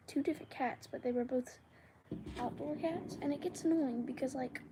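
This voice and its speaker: A woman's voice: high-pitched, normal speed, warm tone, a little hiss or hum. A young woman chatting casually to viewers during a live Q&A stream. She rambles from thought to thought and sometimes drops into a whisper. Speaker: livestream host.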